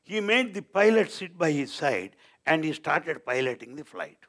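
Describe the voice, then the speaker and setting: A man telling devotional stories as a spiritual speaker, swinging between loud declarations and quiet asides. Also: on the high side, big pitch swings, normal speed. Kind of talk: devotional storytelling talk.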